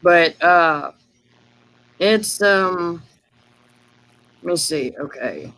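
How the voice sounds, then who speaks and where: A man's voice: a little high, drawn-out words, pushed and bright, low-quality recording. A man casually telling a rambling story on a live call, full of fillers and restarts. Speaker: guest sharing field experiences.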